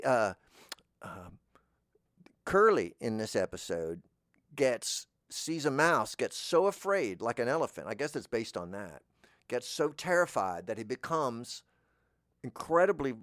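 Animated, rambling comic man. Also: mid-range voice, no echo, clean studio sound. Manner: whimsical, meandering, self-mocking. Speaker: comedy podcast host.

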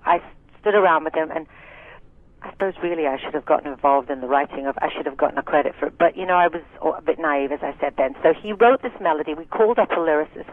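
A woman in her sixties from Scotland, a singer and actress telling frank, chatty stories with many asides in a casual interview. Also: deep voice. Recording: tinny phone line, dry.

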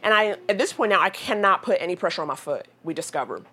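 A woman's voice: fairly low pitch, quick pace. A woman telling a comic story in a radio studio, laughing often and swearing freely. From United States. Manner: profane, laughing, animated. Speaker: guest storyteller.

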